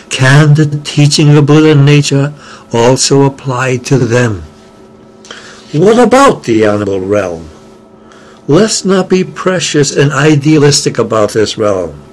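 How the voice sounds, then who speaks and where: An older man giving a Zen dharma talk in a slow, measured and earnest way, with many questions and long pauses. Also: mid-range voice, slight background noise, low-quality recording. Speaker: Zen teacher.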